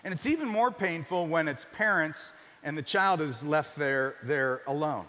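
A man's voice: fairly high pitch, expressive, normal speed. Emphatic male pastor in a reverberant hall. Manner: emphatic, drops to a hush for key points. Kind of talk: sermon. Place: large church.

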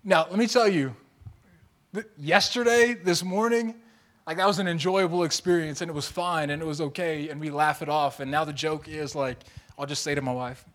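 A young man preaching a sermon, telling personal stories in a lively, animated way with playful mimicry. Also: on the high side, normal speed. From Tongan and Mexican heritage. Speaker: pastor.

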